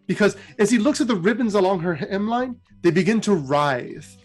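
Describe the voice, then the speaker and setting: A co-host casually retelling game lore in an animated, chatty way. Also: medium pitch, normal speed, soft background music. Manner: animated, chatty, laughs at own jokes.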